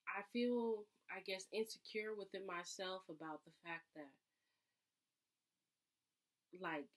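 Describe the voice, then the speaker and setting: Chatty woman venting in a vlog. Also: normal speed. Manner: chatty, reflective, filler-heavy with frequent "like" and "um"; jumps into higher, louder acted outbursts when venting. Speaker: vlogger. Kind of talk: casual confessional vlog.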